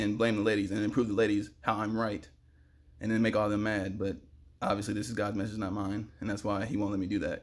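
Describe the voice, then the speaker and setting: A young man in a fast, excitable, rambling spiritual monologue to camera, sweating in the heat and breaking into sudden loud outbursts. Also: on the low side.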